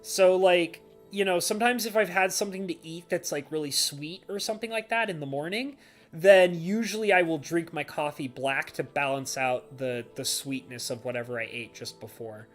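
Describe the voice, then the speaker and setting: A man's voice: fairly high pitch, moderate pace, soft background music. A man chatting casually on a live stream, reading out chat messages and rambling with plenty of "like" fillers. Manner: animated, mock-ranting.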